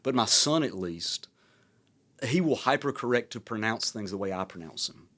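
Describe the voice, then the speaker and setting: A man in his thirties from the American South with a Southern accent, hosting a podcast and musing in a relaxed, rambling way. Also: lowish voice, normal speed. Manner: reflective, rambling, many fillers. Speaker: podcast host. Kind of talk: casual conversation.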